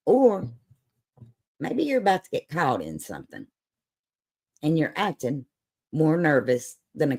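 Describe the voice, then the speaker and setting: A woman's voice: sits low, a little mellow. A woman with an Appalachian Southern accent hosting a livestream, chatting in a folksy, sassy way and laughing often. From Southern United States, Appalachian holler. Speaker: livestream host. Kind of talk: casual chat on a livestream.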